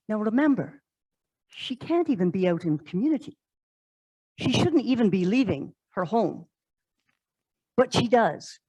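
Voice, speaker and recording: A woman's voice: medium pitch, big pitch swings, takes it slowly, long pauses, a little mellow, husky, no echo, poor audio. A woman pastor, preaching a sermon in a conversational way, telling stories and asking rhetorical questions. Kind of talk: sermon storytelling. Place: church.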